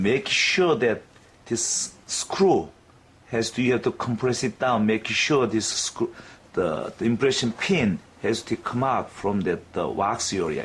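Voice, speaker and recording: A man giving a clinical demonstration lesson, talking in a halting way with frequent fillers and restarts. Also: fairly low pitch, slight background noise. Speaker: dental instructor.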